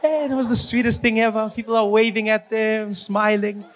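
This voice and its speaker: A male stand-up comedian with a high, bright voice tells an animated story and acts out the scenes as he goes. He laughs through his lines, and a faint hiss runs underneath. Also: moderate pace.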